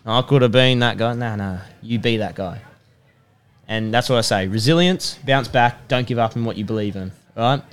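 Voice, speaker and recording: A man's voice: fairly low pitch, moderate pace. A young man, a podcast guest giving an emphatic, repetitive pep talk. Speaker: podcast guest, personal trainer and rugby player. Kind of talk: motivational casual chat.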